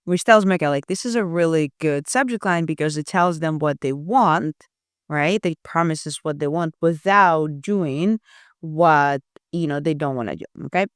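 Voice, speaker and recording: A woman's voice: deep voice, moderate pace, clear, resonant tone, no room sound, clean studio sound. A woman teaching copywriting who thinks aloud in a casual, chatty way, checking in often with "right?" and "you know". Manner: thinks aloud while analyzing text. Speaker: copywriting instructor. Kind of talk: casual screen-share walkthrough.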